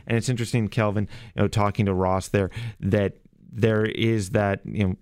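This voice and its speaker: A man hosting a radio call-in show, friendly and upbeat, reading out phone numbers slowly. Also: on the low side, level tone, a little mellow, smooth, dry recording, clean studio sound. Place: radio studio. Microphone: studio microphone.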